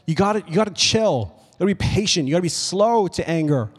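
A young man preaching a casual, animated sermon, telling stories with lots of "like"s. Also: high-pitched, fairly quick, slightly rough. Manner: casual, animated storytelling with many "like"s. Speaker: pastor. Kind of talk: youth sermon. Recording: long reverb of a hall.

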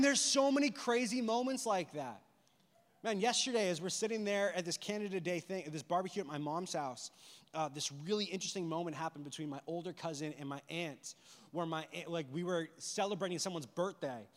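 Man, pastor, sermon, animated, rhetorical questions, high voice, reverberant hall. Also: brisk.

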